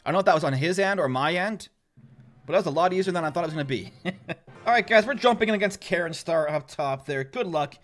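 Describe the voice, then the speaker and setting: A man's voice: fairly high pitch, expressive, quick pace, a bit bright, faint music behind. A young man giving casual, chatty gameplay commentary as a gaming YouTuber, self-mocking and laughing often.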